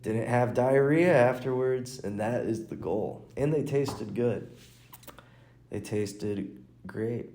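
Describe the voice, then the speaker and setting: Dude hosting a chill solo podcast, kinda low mellow voice, slow, keeps restarting sentences, echoey room. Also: male voice. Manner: rambling, restarts sentences, chuckles. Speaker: podcast host and stand-up comic. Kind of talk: casual solo podcast chat. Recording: roomy echo.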